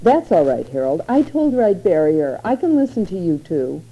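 A woman's voice: on the low side, sing-song, moderate pace, highs cut off. A woman reading the lines of a defensive young wife and mother in a literary story, answering in short, guarded replies.

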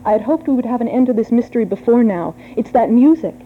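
A woman's voice: fairly high pitch, racing. Woman reading a gothic tale, tinny. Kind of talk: dramatic gothic story reading. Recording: tinny phone-like sound with faint hum.

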